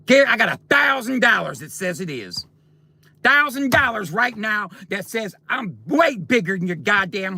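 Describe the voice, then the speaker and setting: Gravelly, lively man ranting on a stream. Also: high-pitched. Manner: taunting, confrontational, addresses viewers directly. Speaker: livestreamer. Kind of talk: profane livestream rant.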